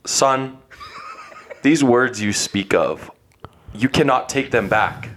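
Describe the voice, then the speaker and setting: A man playing a solemn, hardworking father who speaks slowly and formally to his son. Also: mid-range voice, a bit bright. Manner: slow, grave, formal phrasing. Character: solemn hardworking middle-aged father, stately.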